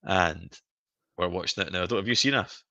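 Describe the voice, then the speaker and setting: Gravelly low-voiced Scottish man. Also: brisk, dry recording, dull audio. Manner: animated storyteller, laughs often. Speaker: stream host. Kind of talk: casual chat.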